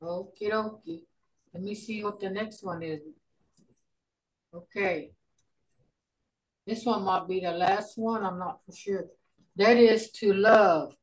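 A woman leads an online language lesson over a video call. She talks at an unhurried, measured pace and patiently repeats each word so her learners can follow. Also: medium pitch, steady tone, rough recording. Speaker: language teacher.

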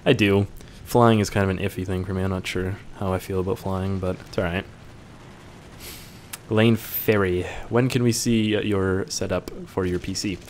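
A man's voice: low voice, fairly even intonation, normal speed, a little hiss or hum. A young man reading viewer questions aloud and answering them in a casual, joking way, swearing now and then.

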